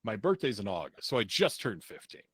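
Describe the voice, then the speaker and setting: A man's voice: lowish voice, sing-song, brisk, fairly bright tone, slightly rough, no echo. A man on a podcast telling a rambling, profane story in a casual way, laughing now and then.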